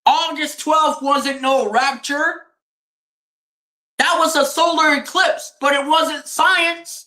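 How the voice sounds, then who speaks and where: A woman's voice: high-pitched, fairly even intonation, slow pace, bright, forceful tone. A woman streaming a fired-up religious rant. She preaches, mocks, laughs and swears a lot.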